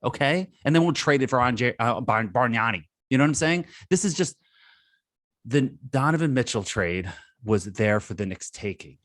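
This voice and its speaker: A man's voice: mid-range voice, animated, normal speed, fairly bright tone, no room sound. Angry guy ranting about his team on a podcast, dead dry mic. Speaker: podcast co-host.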